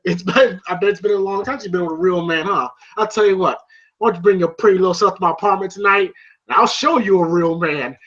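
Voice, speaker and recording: A man putting on a brash, boastful male boxer who taunts loudly. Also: high-pitched, quick pace, lo-fi sound. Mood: leering. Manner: taunting, loud.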